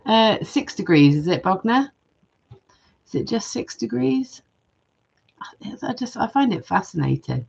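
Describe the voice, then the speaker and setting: A woman's voice: medium pitch, very animated, a little slow, vocal fry, pauses often, darkish tone, breathy edge, dull audio. A woman hosting a live jewellery-making stream, chatting casually and reading viewer comments aloud.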